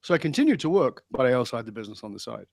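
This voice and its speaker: A man's voice: medium pitch, very fast, gravelly, no room sound. A middle-aged man from England, a podcast guest telling his life story with animation and acting out remembered lines. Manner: animated storyteller, acts out quotes. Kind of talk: storytelling interview.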